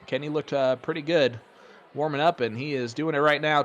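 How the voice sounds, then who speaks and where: A man doing casual play-by-play darts commentary, chatty and rambling, getting excited on big throws. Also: on the high side, brisk, lo-fi sound, a little hiss or hum.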